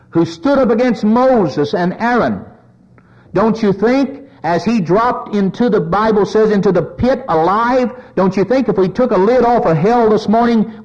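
A man preaching a sermon, his pitch rising as he voices the cries of sinners. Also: a little mellow, muffled recording.

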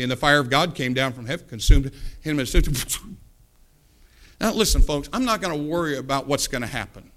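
This is a man delivering an impassioned sermon, dropping to low asides and rising to loud peaks. He speaks expressively and slightly quickly, voicing the Bible characters as he narrates.

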